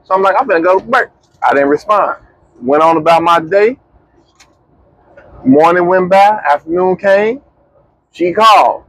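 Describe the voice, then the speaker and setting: A young man, chatting casually as a podcast co-host and telling a story with lively, slangy quoting. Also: high-pitched, normal speed, pauses often, no echo, rough recording. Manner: animated, slangy storyteller who acts out quotes.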